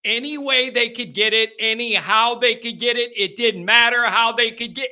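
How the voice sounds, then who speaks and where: Call-in show host, man, high bright voice, repeats himself with feeling. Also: normal speed, hardly any pauses. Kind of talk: postgame call-in show talk.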